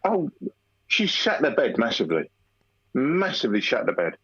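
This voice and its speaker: A man's voice: medium pitch, huge pitch swings, moderate pace, fairly bright tone, slightly rough, dry recording, muffled recording. A man chatting casually over a call as co-host, blunt and swearing freely. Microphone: call line.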